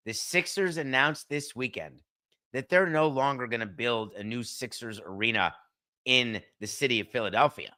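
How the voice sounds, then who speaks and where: A man's voice: medium pitch, normal speed, pushed and bright. A middle-aged man hosting his own podcast, giving blunt, sarcastic opinions in a solo commentary and joking at his producer. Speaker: podcast host.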